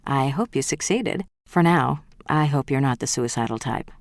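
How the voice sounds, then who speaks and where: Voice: medium pitch, expressive, moderate pace, dry recording, studio quality, lightly acted. A reader voicing a cool, calculating young woman. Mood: composed.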